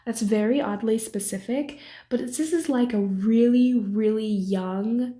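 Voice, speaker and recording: A woman's voice: fairly high pitch, unhurried, dark tone. A young woman giving a casual tarot reading to camera, talking freely with many fillers and tag questions. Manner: chatty, many fillers, ends points with 'right?'. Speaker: tarot reader.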